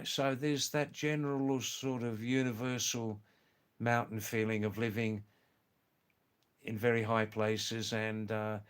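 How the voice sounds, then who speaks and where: A man hosting a live stream, answering viewer comments slowly and thoughtfully, with many pauses and fillers. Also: lowish voice, clear, resonant tone.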